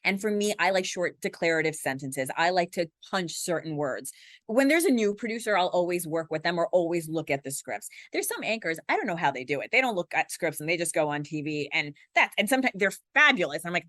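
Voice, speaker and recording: A woman news anchor in her forties, talking fast and animated as an interview guest, acting out little quotes. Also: lowish voice, dry recording, clean studio sound. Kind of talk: conversational interview.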